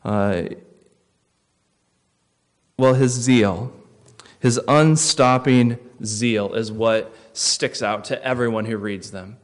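A man preaching a sermon, earnest, rising to loud emphasis and dropping to quiet, reflective lines. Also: medium pitch, slow, long pauses.

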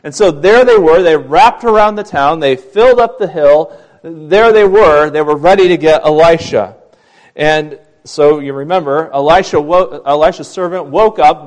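A man preaching a sermon, retelling a Bible story, loud and emphatic in some passages and quiet and soft in others. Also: a little high, expressive, measured pace. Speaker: pastor.

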